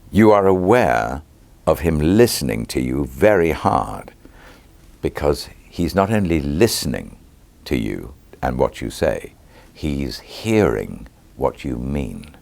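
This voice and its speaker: A British actor in his sixties answering interview questions in a measured, reflective way, pausing with ums and restarting phrases. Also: very deep voice, gravelly, a little mellow, dry recording. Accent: British English. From Britain.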